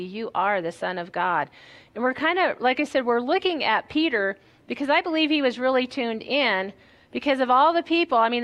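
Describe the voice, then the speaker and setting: A woman's voice: on the high side, a bit bright. A woman pastor preaching a sermon in a conversational way, reading scripture and asking the listeners rhetorical questions.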